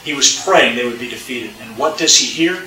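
A man's voice: medium pitch, lively intonation, fairly quick, sharp tone. A pastor preaching a sermon to his congregation in a church, talking conversationally, repeating key phrases and putting questions to the listeners. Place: church sanctuary. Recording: echoey room, voice from a distance.

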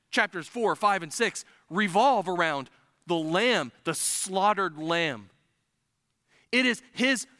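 Bright-voiced, earnest male preacher. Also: sits high, no room sound, clean studio sound. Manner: earnest, building to emphatic. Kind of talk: sermon. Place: church.

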